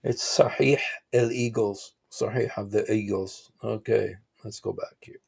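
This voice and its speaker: A man's voice: on the low side, fairly even intonation, measured pace, vocal fry, a little mellow, breathy edge. A man hosting a livestream, giving rambling, casual reaction commentary with frequent exclaimed asides. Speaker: livestream host.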